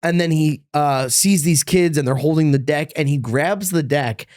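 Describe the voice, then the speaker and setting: A man's voice: on the high side, normal speed, no echo, studio quality. A man hosting a casual podcast, telling a long story and acting out the lines of the people in it. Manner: animated storyteller, acts out quotes. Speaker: podcast host. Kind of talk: casual chat.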